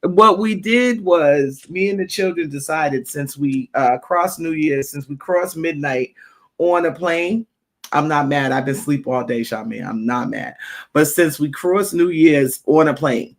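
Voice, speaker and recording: A woman's voice: deep voice, a little slow. A woman co-hosting a podcast, chatting casually and telling stories with laughs. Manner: laughing, animated storytelling. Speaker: podcast co-host. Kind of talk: casual chat.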